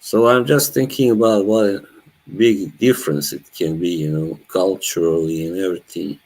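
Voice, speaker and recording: A man's voice: low-pitched, fairly even intonation, normal speed, a little mellow, rough recording. A man, chatting casually with his live chat as a streamer, laughing often. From Bosnia. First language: Norwegian. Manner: laid-back, laughs often, chats to viewers.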